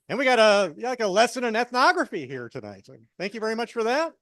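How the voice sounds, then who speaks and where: High-voiced upbeat male host. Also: very animated, fast talker, hardly any pauses, a bit bright. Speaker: event host. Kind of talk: hosting a live event.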